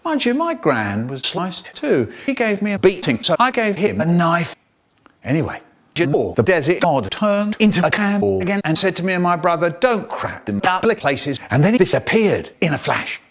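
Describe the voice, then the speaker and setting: Animated storyteller man. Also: moderate pace. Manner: animated, jumps between voices and pitches. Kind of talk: spliced comic storytelling.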